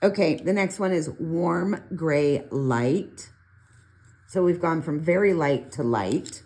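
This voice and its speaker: A middle-aged woman casually talking through a colored pencil demo, chatty and rambling with animated asides. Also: low-pitched, takes it slowly. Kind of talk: casual art tutorial talk.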